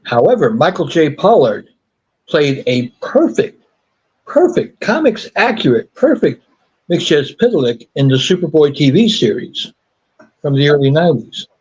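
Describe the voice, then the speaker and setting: A man's voice: on the high side, lively intonation, moderate pace, darkish tone, slightly rough. A man in a casual movie chat, eagerly sharing film trivia. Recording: dull lo-fi sound.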